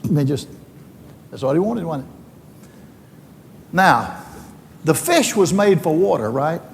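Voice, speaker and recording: A man's voice: a little high, animated, takes it slowly, creaky, in a large hall, a little hiss or hum. An older man with a Southern US accent, giving a homespun, joking faith talk full of stories as he addresses a team. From Alabama, US.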